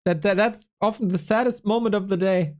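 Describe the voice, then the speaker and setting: A man casting an esports live stream in a relaxed, chatty way, joking with viewers while sounding tired and a bit unwell. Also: sits high, brisk. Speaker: esports caster.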